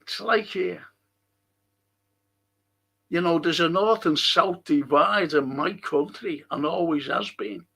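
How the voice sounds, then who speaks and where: Middle-aged Liverpool man, high gravelly voice, chatty and opinionated stream host reading out viewer comments. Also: slow, long pauses, a bit bright. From England. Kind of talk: casual live-stream chat.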